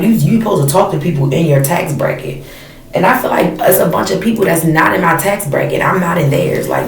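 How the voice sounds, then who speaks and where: A woman in her thirties vents in a blunt, profane, fired-up rant, her voice rough with vocal fry. She sits back from the mic in a roomy, echoing space. A faint noise runs underneath. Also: low-pitched. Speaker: storyteller vlogger. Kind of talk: casual rant to camera. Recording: echoey room, mic at a distance, faint noise.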